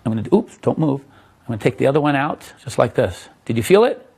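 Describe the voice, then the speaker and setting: Husky-voiced magician explaining a trick. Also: male voice, medium pitch, sing-song, fast talker, a little mellow. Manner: chatty, self-interrupting, laughs at himself.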